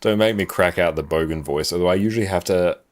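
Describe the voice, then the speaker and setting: A man with a South Australian accent giving casual live commentary while playing a game and reading chat, with relaxed, dry joking asides. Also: low voice, fast.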